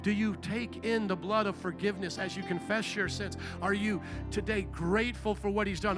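A man preaching a sermon as pastor, emphatic and asking the congregation questions. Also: high-pitched.

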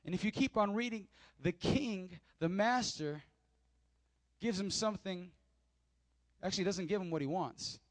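A man's voice: high-pitched, measured pace, pauses often, no echo. A male pastor preaching a sermon, reading scripture and explaining it to his congregation, repeating key points with emphasis.

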